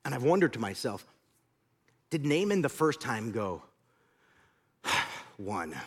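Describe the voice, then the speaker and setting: A man preaching a sermon, telling the story in an animated way and swinging from loud to hushed. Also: medium pitch, normal speed, breathy edge. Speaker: pastor.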